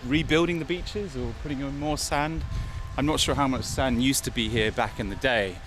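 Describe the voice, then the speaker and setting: The English vlog host keeps a moderate pace and a medium pitch, voicing rambling opinions as he walks the beach in a casual walk-and-talk piece set over music.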